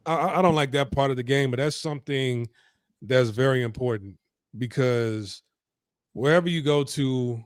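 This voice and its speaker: Man, podcast host, smooth clear voice, dry close sound, casual and emphatic. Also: mid-range voice, moderate pace, no room sound. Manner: conversational, emphatic, filler-heavy. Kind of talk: casual interview chat.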